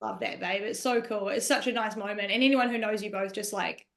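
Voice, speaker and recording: A woman's voice: medium pitch, fairly even intonation, brisk, gravelly. A woman hosting a casual podcast interview, gushing and affectionate toward her guest. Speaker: podcast host.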